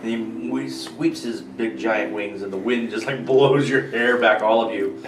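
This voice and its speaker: A man narrating a scene in a tabletop game, animated and playful. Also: lowish voice, normal speed, a little hiss or hum. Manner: animated, laughing. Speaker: player. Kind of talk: narrating and casual game chat. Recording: echoey room, distant mic, music.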